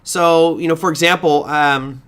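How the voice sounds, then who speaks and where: A middle-aged man hosts a live market-commentary stream and answers viewer questions. His voice sits fairly high for a man, and he talks in a loose, animated way, with rhetorical questions and quick restarts.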